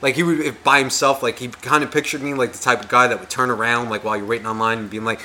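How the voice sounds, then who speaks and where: A man's voice: medium pitch, quick pace, a little hiss or hum. A man co-hosting a podcast, telling a casual story full of swearing and acting out the voices of people in it. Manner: profane, animated, acts out quoted voices. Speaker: podcast co-host.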